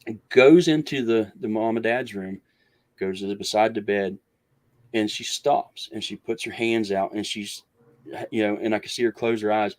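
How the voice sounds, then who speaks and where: A man with a lowish voice tells a long story as an interview guest. He rambles, restarts his sentences and slips into the voices of the people he quotes. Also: moderate pace. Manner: rambling, restarts, acts out others' words. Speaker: guest researcher.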